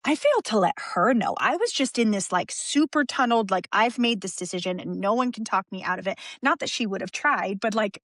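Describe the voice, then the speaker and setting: A woman talks openly as a guest on a podcast. She is emotional and frank, circling back and restarting her thoughts with small laughs. Her voice sits at an ordinary pitch in a dry, close recording. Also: animated, a little fast, hardly any pauses, no echo. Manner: open and emotional, rambling with restarts and soft laughs. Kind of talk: candid conversational interview.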